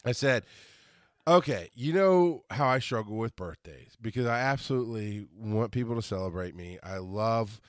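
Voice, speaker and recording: A man's voice: on the low side, moderate pace, no room sound, clean studio sound. A man in his forties hosting a podcast, talking on his own in a casual, rambling way, often restarting and correcting himself. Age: 40s. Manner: rambling, restarts and self-corrections, animated when quoting others. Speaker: podcast host. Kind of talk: casual solo monologue.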